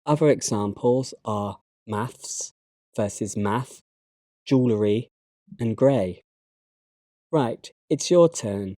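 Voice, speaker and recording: A man with a British English accent, narrating a slide lesson and giving learners instructions in a measured, instructive way. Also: mid-range voice, mellow, no room sound, clean studio sound. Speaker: English teacher.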